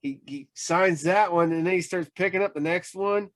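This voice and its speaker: A man with a fairly high voice hosts a casual podcast chat. He tells rambling stories packed with ums and uhs, and he slips into the voices of the people in them. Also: normal speed, a bit bright. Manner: rambling storyteller, acts out quoted voices, many fillers. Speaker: podcast host.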